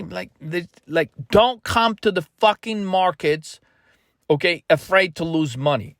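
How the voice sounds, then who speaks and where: A man's voice: high-pitched, normal speed, fairly bright tone, no room sound, clean studio sound. A man coaching traders in a blunt motivational rant, swearing constantly and pushing his viewers hard. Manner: blunt, heavily profane, pushy. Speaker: trading coach.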